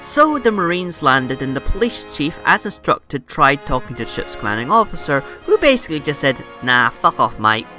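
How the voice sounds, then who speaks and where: A woman's voice: deep voice, very animated, fairly quick, few pauses, pushed and bright, faint music behind. A woman telling a history story in a sarcastic, irreverent comedic style. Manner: sarcastic, irreverent, swears casually.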